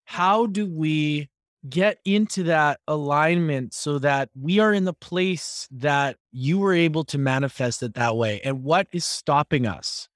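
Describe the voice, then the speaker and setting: Podcast host, man, casual and rambling, a bit high-pitched, close dry mic. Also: unhurried, no room sound. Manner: rambling, many fillers and restarts. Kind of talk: casual interview question.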